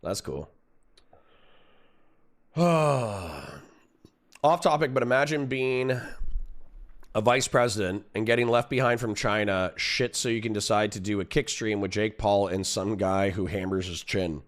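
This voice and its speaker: A man's voice: on the low side, unhurried, long pauses. Profane middle-aged male streamer ranting. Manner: profane, animated ranting with laughs. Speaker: livestream host. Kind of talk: casual livestream chat.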